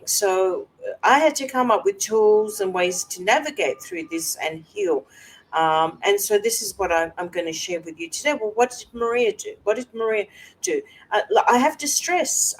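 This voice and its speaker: A woman host talking personally to camera, soft and halting with many fillers, at times close to tears. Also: mid-range voice, expressive, low-quality recording. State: emotional, close to tears at moments. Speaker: wellness coach and video host.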